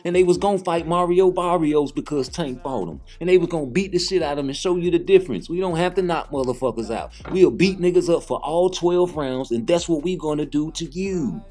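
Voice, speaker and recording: High-voiced man on a blunt boxing rant. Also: animated, brisk, few pauses, darkish tone. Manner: blunt, heated, repeats himself for emphasis. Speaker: boxing commentator. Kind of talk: casual profane rant.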